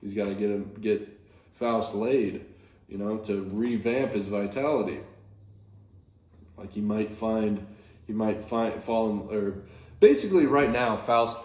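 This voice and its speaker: A man's voice: lowish voice, measured pace, pauses often, a little mellow, roomy sound. A man casually explaining a classic play in a rambling, chuckling way, often correcting himself. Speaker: video host explaining a play.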